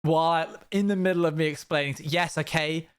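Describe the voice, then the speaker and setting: A man's voice: fairly high pitch, steady tone, brisk, smooth. A young man chatting casually as a streamer, reacting to a video with wry, rambling commentary.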